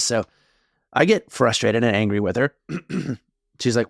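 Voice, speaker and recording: A man who is a therapist co-hosts a relationship podcast, telling a story in rambling, casual chat full of tangents. His mid-range voice has lively intonation and a fairly quick pace. The sound is clean studio audio with no echo.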